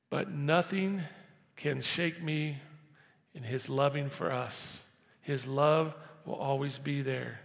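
Guy pastor preaching, bit high and gravelly, goes quiet then loud, long church echo. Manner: preaches with swings between hushed and loud emphatic passages. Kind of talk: sermon. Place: church sanctuary. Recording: long reverb of a church hall.

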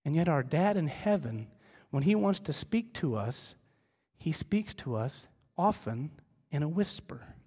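A middle-aged man preaching a sermon as pastor, conversational, telling humorous family stories and dropping his voice low for emphasis. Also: very animated, measured pace, mellow, husky. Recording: long reverb of a large hall.

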